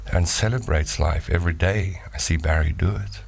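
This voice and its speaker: Talk show host, man, middle-aged, playful, deep fry-laden voice. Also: normal speed. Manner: lively and playful, reading voice notes. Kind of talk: live talk show chat.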